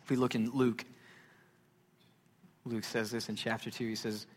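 A man preaches in a church sanctuary, his voice ringing with a long hall reverb. He speaks at a middle pitch, pressing the same points again and again, and swings between loud declarations and near-hushed passages. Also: level tone, normal speed. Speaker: pastor. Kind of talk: sermon.

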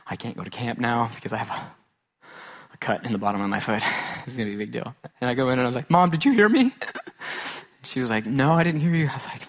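A male pastor preaching to his congregation. He tells a story with playful self-mockery and acts out the quoted lines loudly. Then he drops to a quiet, earnest voice. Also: mid-range voice, fairly even intonation, fast talker. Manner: storytelling with self-mocking humor, swings from loud to hushed. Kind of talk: sermon.

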